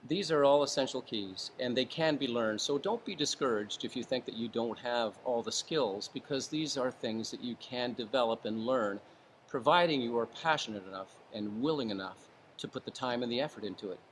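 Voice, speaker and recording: A man with a mid-pitched voice gives advice in an interview, calm and deliberate. He shifts his tone and leans on pauses for effect. A faint noise sits under the recording. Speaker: interview guest, former hostage negotiator.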